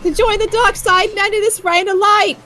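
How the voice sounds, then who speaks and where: A woman's voice: very high-pitched, steady tone, fairly quick, over music, pitched above the performer's own voice. A woman voicing a brooding, melodramatic male vampire, reading game dialogue aloud in a grandiose, theatrical way.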